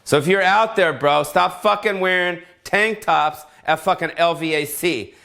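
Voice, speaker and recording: A middle-aged male comedian rants on his own at home, brash and rambling and full of swearing. His voice sits a bit high for a man. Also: normal speed, gravelly, bright, forceful tone. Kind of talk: solo comedic rant. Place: home in Las Vegas.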